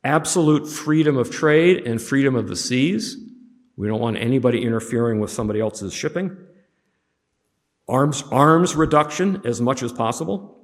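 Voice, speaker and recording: A man's voice: medium pitch, expressive, moderate pace, in a large hall. A man teaching a history class from slides, conversational and chatty, with humorous asides.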